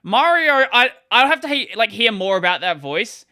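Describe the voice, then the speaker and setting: A man's voice: high voice, big pitch swings, moderate pace, bright, forceful tone, smooth. A man streaming games who rambles casually, laughs often and keeps restarting his sentences as he reacts. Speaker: gaming streamer. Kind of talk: casual live-stream commentary.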